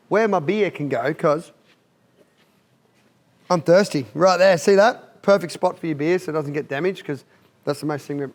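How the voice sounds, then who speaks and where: A man with an Australian accent presenting a casual, jokey how-to install video and laughing at his own fumbles. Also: high voice. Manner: larrikin banter, laughs at himself.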